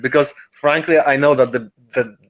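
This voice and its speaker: A man co-hosting a casual voice call, speaking in a measured, reasoning way with hesitant fillers. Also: medium pitch, fairly even intonation, fairly bright tone.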